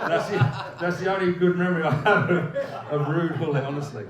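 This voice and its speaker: A man's voice: a little high, a little fast, few pauses, over a noisy crowd. A man in his fifties, a former footballer, telling rambling, laughing anecdotes at a live evening event, swearing freely and restarting his sentences. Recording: roomy echoing room, mic at a distance, faint ambience.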